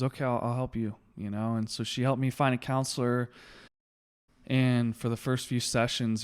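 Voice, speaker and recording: A young man, a former firefighter, telling a candid personal story in an interview in a halting, searching way. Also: fairly low pitch, clear, resonant tone. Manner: halting, raw, searching for words. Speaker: guest, former hotshot firefighter.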